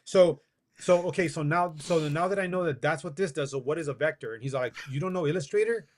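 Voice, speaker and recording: A man, likely in his forties, guests on a podcast and tells a personal story in a casual way. His voice is a little high and fairly quick, and he acts out quoted dialogue while laughing along.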